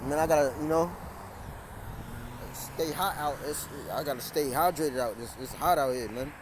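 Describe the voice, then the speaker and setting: Outdoors by a busy road, a man preaches and reads from scripture in a fairly high voice at a moderate pace. Passing cars fill the background as he repeats himself, keeps restarting his words, and raises his voice over the traffic.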